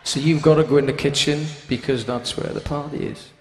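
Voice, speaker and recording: A man's voice: medium pitch, fairly even intonation, fairly quick, soft background music. Welsh man telling a crude story on stage. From Wales. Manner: crude, swearing, bawdy anecdote with put-on quoted voices. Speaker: band frontman. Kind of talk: comic storytelling to a concert crowd.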